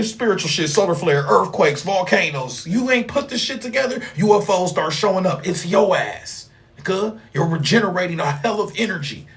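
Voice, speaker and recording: Young man, slightly high voice, animated and profane, rambling vlog monologue. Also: a little fast. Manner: animated, profane, rambling, with sudden loud outbursts. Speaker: spiritual vlogger. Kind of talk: casual spiritual monologue.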